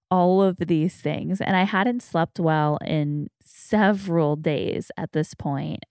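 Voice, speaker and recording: A woman's voice: deep voice, a little mellow, clean tone, no room sound, studio quality. A woman in her thirties hosting a podcast, telling her own story in a candid, reflective casual chat. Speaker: podcast host.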